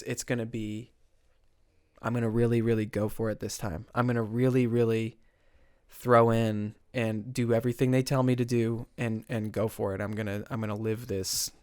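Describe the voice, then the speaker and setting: A young man telling his recovery story as a podcast guest, earnest and halting, with many restarts. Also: on the low side, a little mellow, clear, resonant tone, dry recording, studio quality.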